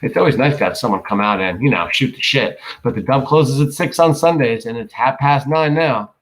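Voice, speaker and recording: A man doing a gruff dump keeper. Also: medium pitch, fairly quick, close to an everyday voice. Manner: blunt, folksy. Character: rough small-town male dump keeper, gruff.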